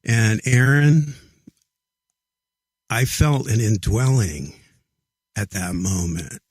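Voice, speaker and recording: A middle-aged man, a podcast guest, earnestly recounting a personal story in a halting way, often repeating his words. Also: fairly low pitch, husky, dry recording. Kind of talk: casual storytelling interview.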